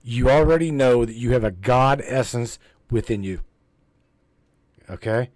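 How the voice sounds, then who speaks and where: A man's voice: mid-range voice, lively intonation, measured pace, darkish tone, dry recording. A man hosting a spiritual livestream, talking casually to his live chat in a rambling, repetitive, emphatic way and swearing freely. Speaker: host of a spiritual livestream broadcast.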